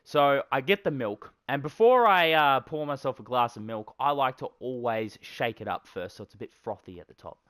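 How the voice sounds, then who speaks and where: A man's voice: medium pitch, normal speed, hardly any pauses, dry recording. A young man, co-hosting a casual podcast and telling rambling stories full of swearing. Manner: rambling, heavy swearing, animated storytelling. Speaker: podcast co-host. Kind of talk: casual chat.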